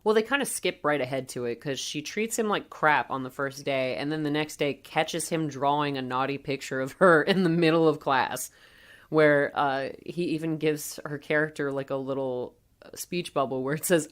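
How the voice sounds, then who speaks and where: Woman co-host, low voice, chatty, laughs a lot. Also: normal speed. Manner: chatty, laughs often, recaps scenes playfully. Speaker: podcast co-host. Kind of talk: casual chat.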